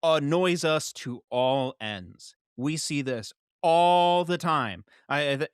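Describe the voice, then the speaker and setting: Male podcast host, mid-pitched, exasperated and emphatic, dry close mic. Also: fairly bright tone, clean tone, no echo. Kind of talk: casual ranting chat.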